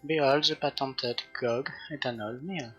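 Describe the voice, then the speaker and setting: A man's voice: medium pitch, unhurried, a bit bright, muffled recording, faint music behind, close to an everyday voice. An actor playing a proud male inventor in a game cutscene, boasting about his own invention with grand, scornful delivery. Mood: boastful.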